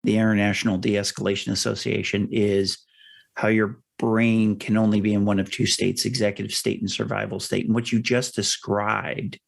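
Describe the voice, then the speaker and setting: A middle-aged man hosts an interview podcast with a low, gravelly voice. He lays out his points in a measured, explanatory way, often circling back to restate them. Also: little pitch movement. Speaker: podcast host. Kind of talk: interview conversation.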